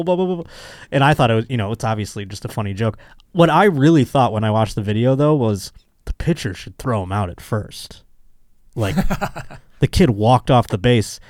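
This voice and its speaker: A man's voice: fairly low pitch, darkish tone, no room sound, studio quality. A man hosting a podcast, telling stories in a crude, joking way and slipping into mocking voices. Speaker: podcast host. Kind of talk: casual comedic monologue.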